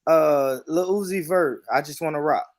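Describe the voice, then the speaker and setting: A man's voice: a little high, normal speed, no echo. A middle-aged Southern American man hosting a casual panel chat, playful and laughing often. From Southern United States. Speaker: host.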